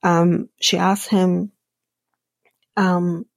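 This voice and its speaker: A woman's voice: fairly low pitch, little pitch movement, very slow, vocal fry, dry recording. A woman podcast host giving a casual TV episode recap, chatty with wry sarcastic asides.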